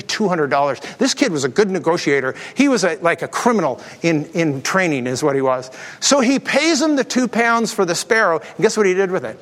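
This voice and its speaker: A man's voice: high-pitched, a bit bright. A man preaching a sermon, telling stories with jokey asides and acting out the voices of the people in them. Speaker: pastor. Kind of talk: sermon with storytelling and jokes. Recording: long hall reverb.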